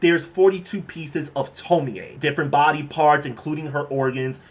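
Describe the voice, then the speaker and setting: A man's voice: fairly high pitch, fairly even intonation, moderate pace. A man casually recapping a horror manga in laid-back, slangy speech that is full of fillers and the odd swear word.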